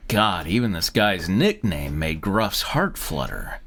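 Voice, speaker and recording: A man's voice: deep voice, very animated, slow, a bit bright. Man narrating a fanfic with wry amusement. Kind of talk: live group fanfic reading.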